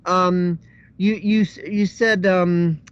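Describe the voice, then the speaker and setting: A man with a fairly high voice speaks haltingly, stumbling through fillers in casual chat. The call audio is dull and lo-fi. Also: fairly even intonation, clear, resonant tone.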